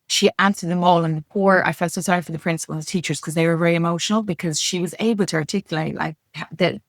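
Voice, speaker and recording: Woman, middle-aged, low voice, frank, earnest, dry close mic. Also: fairly even intonation, dry recording. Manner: frank and earnest, blunt swearing, fast restarts. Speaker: podcast guest. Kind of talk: candid conversational storytelling.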